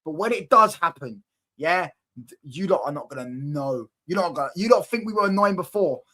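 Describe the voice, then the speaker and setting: Young Mancunian man, football stream host, cheeky banter, high-ish bright tone. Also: lively intonation, brisk. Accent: Manchester. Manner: cocky, teasing, laughing, slangy address to viewers. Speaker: football channel host reading live chat. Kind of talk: casual livestream banter.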